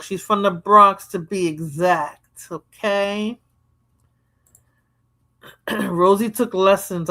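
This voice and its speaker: A woman's voice: on the low side, a bit bright. A woman hosting a livestream, chatting bluntly about viral clips and saying "you know" a lot. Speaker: livestream host. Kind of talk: casual commentary on viral clips.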